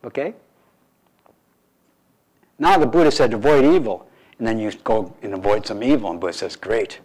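A man, a meditation teacher, giving a relaxed dharma talk to a group with playful, wry asides. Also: on the low side, normal speed, poor audio.

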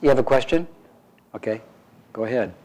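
A man, a meditation teacher, giving a relaxed dharma talk to a group with playful, wry asides. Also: mid-range voice, a little fast, low-quality recording.

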